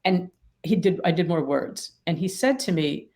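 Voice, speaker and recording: Gravelly-voiced middle-aged woman, emphatic. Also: lowish voice, normal speed. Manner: emphatic, animated explaining with vivid examples. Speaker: attorney mediator, guest author. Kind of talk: interview conversation.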